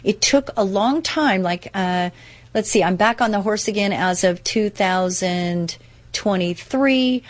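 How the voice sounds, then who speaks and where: A woman's voice: mid-range voice, measured pace. A woman sharing a personal recovery story in a casual, earnest, upbeat way, full of fillers and restarts.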